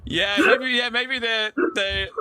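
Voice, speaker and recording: Casting: man, high and very bright voice, hesitant, giggly creator answering fan questions. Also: fairly even intonation, takes it slowly, clear, resonant tone. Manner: hesitant, lots of fillers and giggles. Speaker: show creator and game master. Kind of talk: casual livestream chat.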